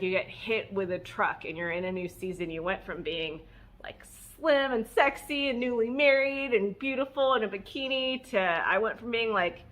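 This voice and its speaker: A woman vlogger telling her own story casually, candid and emotional, with fillers and self-mocking laughs. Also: mid-range voice. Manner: animated, acting out her own past words.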